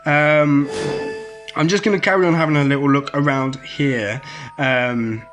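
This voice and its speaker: A man giving casual, rambling commentary on a mobile game, with lots of ums and sudden excited outbursts. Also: a little high, measured pace, faint music behind.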